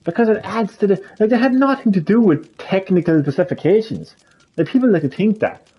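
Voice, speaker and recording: A man with a husky, fairly high voice rants on his live stream, swearing often and stressing each point again and again. His pitch leaps around as he argues. The audio is dull and lo-fi. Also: lively intonation, fairly quick. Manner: swears a lot, emphatic and repetitive. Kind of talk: heated gaming rant.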